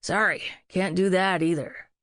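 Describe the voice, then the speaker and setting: A woman voicing a playful young man who teases his friend in quick, jokey lines. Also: fairly low pitch, fairly even intonation, fairly bright tone, dry recording, clean studio sound. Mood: teasing. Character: playful young man, teasing, reformed party guy.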